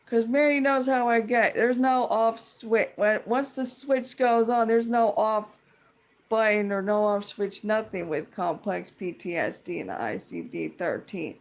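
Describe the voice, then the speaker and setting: In a casual vlog, a woman rants like a fed-up tenant about a dispute, swearing, rambling and sounding indignant. Her voice is mid-range and unhurried.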